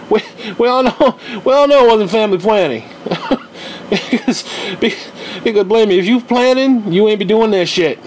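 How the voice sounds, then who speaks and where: A man's voice: high voice, normal speed. A young man hosting a podcast, ranting in a casual, profane, exasperated and rambling way. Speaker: podcast host.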